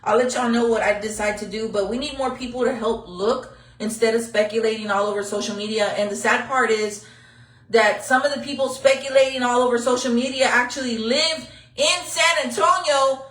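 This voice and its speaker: A woman's voice: fairly high pitch, steady tone, moderate pace, a bit bright. A middle-aged woman, speaking bluntly and from the heart in a casual livestream, swearing freely. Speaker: local news livestreamer. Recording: echoey, from a distance.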